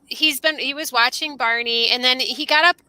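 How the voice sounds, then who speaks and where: Animated woman telling a story, bright voice. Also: high voice, moderate pace, clear, resonant tone, dry recording. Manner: animated, acts out quoted voices. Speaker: podcast co-host. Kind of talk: casual storytelling chat. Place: outdoors under an umbrella.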